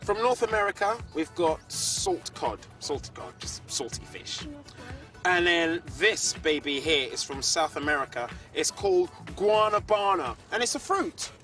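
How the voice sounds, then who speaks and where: A woman's voice: fairly low pitch, very animated, unhurried, a bit bright. A woman presenting a children's game show, upbeat and teasing as she explains the rules to the kids. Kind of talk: lively TV presenting. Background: music.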